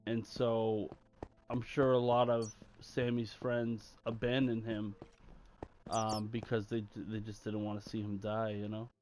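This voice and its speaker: A man's voice: fairly low pitch, flat delivery, measured pace, a little mellow, slight background noise. A young man chatting casually while he plays a game, rambling and slangy with lots of fillers. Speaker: gaming channel host.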